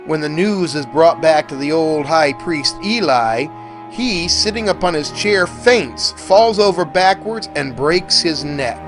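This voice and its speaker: A professor narrating a lecture in an animated, folksy storytelling manner. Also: male voice, fairly high pitch, unhurried, soft background music.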